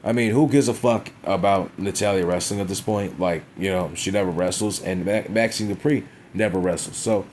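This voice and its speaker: Man, low voice, wrestling review rant, crude and blunt, light background hiss. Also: moderate pace, few pauses, darkish tone. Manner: blunt, profane, frequent "you know what I'm saying". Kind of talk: casual profane rant.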